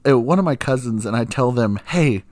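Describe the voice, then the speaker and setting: A man's voice: medium pitch, expressive, fairly quick, darkish tone, dry recording. Young guy rambling on his podcast, cusses a lot, laughs a bunch, dry close sound. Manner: profane, laughs often, acts out voices in quotes. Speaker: podcast host. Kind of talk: casual storytelling monologue.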